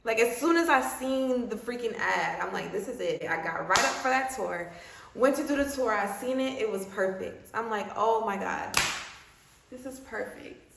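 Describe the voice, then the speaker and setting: A young woman telling a personal story on her vlog in a casual, slangy, lively way. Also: a little high, normal speed, vocal fry, noisy background. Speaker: vlogger. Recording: roomy echo.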